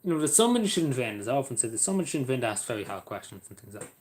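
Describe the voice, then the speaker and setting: A man with an Irish accent chatting casually with viewers on a live stream, halting and rambling with many fillers, often apologizing. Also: mid-range voice, big pitch swings.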